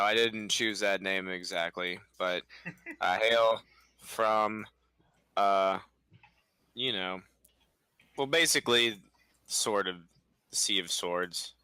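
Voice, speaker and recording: A man doing a deep, mumbling dragon-man drifter. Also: bright, forceful tone, clear, resonant tone, no room sound. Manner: slangy, rambling, hesitant. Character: laid-back young male dragonborn drifter.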